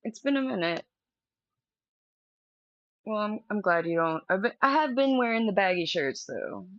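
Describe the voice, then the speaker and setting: A woman's voice: medium pitch, expressive, normal speed, fairly bright tone, no echo. Chatty young woman on dull stream audio. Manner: chatty and candid, talking straight to viewers. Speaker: live streamer. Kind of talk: casual live-stream chat.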